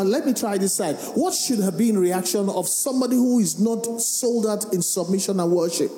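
A man's voice: high-pitched, moderate pace, few pauses. Man preaching in an echoey hall. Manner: animated preaching, asks the congregation questions. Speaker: pastor. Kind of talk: sermon. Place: large worship hall. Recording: echoey hall with faint music.

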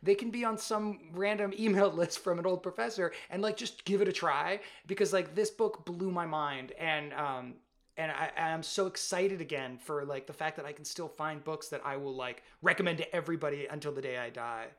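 A podcast co-host in casual chat, rambling excitedly with many "like"s and restarts. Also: mid-range voice, normal speed. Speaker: parent.

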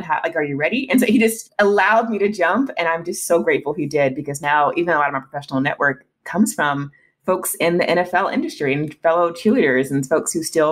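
A woman in her thirties talking candidly as a podcast guest, emotional at times, with frequent restarts and laughs. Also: low voice. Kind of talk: casual interview conversation.

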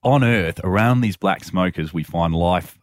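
A man's voice: sits low, unhurried, dry recording, clean studio sound. A man chatting as a guest, hesitant with many restarts, enthusiastic about space. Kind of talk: casual chat.

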